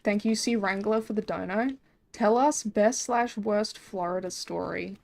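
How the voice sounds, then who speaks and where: A woman's voice: medium pitch, fairly even intonation, a little slow, gravelly, a little mellow. Rambling Australian woman streamer. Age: young adult. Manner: rambling, swears freely, many fillers. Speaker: game streamer. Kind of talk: casual live-stream chat.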